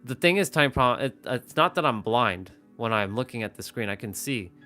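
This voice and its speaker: Animated and sharp in tone, a medium-pitched male voice moves at normal speed over soft background music. He's a livestream host facing the camera on a phone or webcam, talking casually in a rambling way with many restarts.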